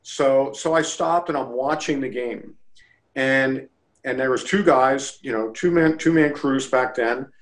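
On a low-quality recording, a Baltimore-area man speaks at a measured pace in a medium pitch. He's a lacrosse official being interviewed casually. Lively as he tells his story, he acts out what people said.

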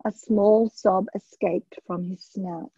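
A woman's voice: medium pitch, steady tone, slow pace, dark tone, husky, dry recording. Woman reading a children's story aloud. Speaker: storybook reader. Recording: dull lo-fi dry sound.

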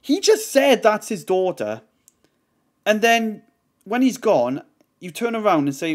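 A man's voice: sits high, big pitch swings, unhurried. A man reacting to a video, heated and swearing, rambling with lots of fillers. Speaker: reaction streamer. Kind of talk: reaction commentary.

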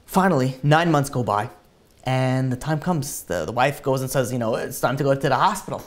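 A man's voice: medium pitch, brisk. A man, a rabbi, tells a long story in a sermon, acting out the voices with lots of fillers. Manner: animated storyteller, acts out dialogue, many fillers.

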